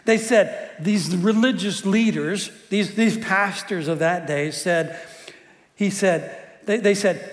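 High-voiced preacher in an echoing hall. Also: male voice, slow pace. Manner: conversational and joking, often repeats words. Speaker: pastor. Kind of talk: sermon. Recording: long hall reverb.

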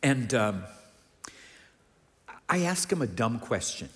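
Animated male pastor in a reverberant church. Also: mid-range voice, slow. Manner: animated, shifts between soft and emphatic. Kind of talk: sermon.

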